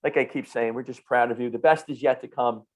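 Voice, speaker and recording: A man's voice: mid-range voice, steady tone, brisk. A man with a New Jersey accent hosting a podcast, talking in an upbeat, playful, enthusiastic way with his guest. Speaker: podcast host. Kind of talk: casual interview chat.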